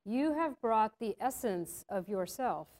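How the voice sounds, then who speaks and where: A woman reading the lines of a firm but kind male angel in a storybook, with a solemn, unhurried delivery. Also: on the high side, expressive, darkish tone.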